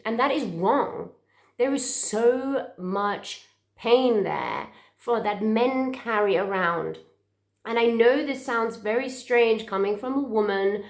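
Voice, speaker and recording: A woman, a therapist talking earnestly to camera in a heartfelt way, often repeating words as she searches for them. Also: on the high side. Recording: echoey room.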